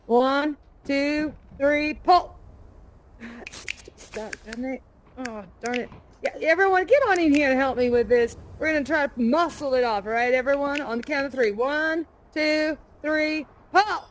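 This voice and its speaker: A woman's voice: high-pitched, unhurried, slight background noise. An actress playing a plucky, adventurous woman aviator of the 1930s, leading a live audience with folksy, hearty storytelling. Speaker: live actor in a virtual reality theater show. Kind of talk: interactive theatrical role-play with an audience.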